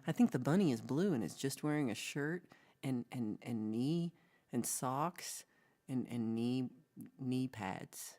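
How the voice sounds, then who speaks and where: A woman's voice: extremely low pitch, animated, unhurried, mellow. A woman chats on a livestream. She rambles through viewers' comments with playful, giggly asides, in a loose, casual way. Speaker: livestream co-host. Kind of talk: casual chat reading live comments.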